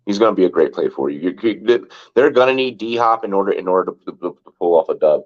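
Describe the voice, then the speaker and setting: A man's voice: low voice, animated, a little fast. A man hosting a fantasy football show in loose, rambling talk, full of repeated words and "like", with some swearing. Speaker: fantasy football podcast host. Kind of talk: casual sports talk. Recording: dull lo-fi sound.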